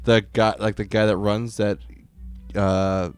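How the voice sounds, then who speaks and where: A man's voice: lowish voice, flat delivery, slow, clean tone, dry recording, soft background music. A young man on a podcast, retelling a movie plot in a rambling, profane way and acting out lines. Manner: rambling, profane, acts out quotes. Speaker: podcast co-host. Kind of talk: casual chat.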